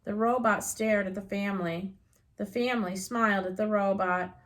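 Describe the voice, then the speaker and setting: A woman's voice: mid-range voice, steady tone, moderate pace. Woman reading a children's novel aloud. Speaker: audiobook reader.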